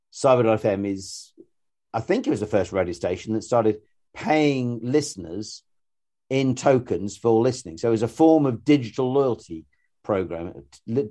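A man talks through ideas in a relaxed podcast chat, looping back over his words with restarts and fillers. His voice is mellow and warm, sitting at an ordinary pitch. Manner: rambling, frequent restarts and fillers. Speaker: podcast co-host. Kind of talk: casual conversational podcast.

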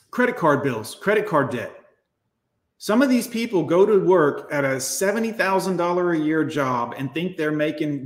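Man, livestream rant, swears a lot, slightly high voice, echoey room. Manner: blunt, profane, emphatic ranting; addresses viewers directly. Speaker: livestream host. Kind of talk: ranting livestream commentary.

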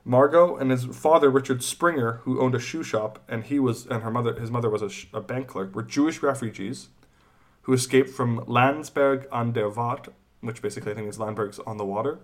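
A man's voice: medium pitch, fairly quick. Rambling man reading out facts. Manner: rambling, laughs often, many fillers. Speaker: podcast host. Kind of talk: casual chat, reading out facts.

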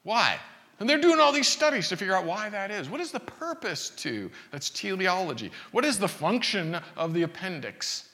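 A man's voice: high voice, big pitch swings, moderate pace, bright, forceful tone. A man preaching a sermon in a conversational way, asking rhetorical questions and often restarting his sentences. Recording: reverberant hall.

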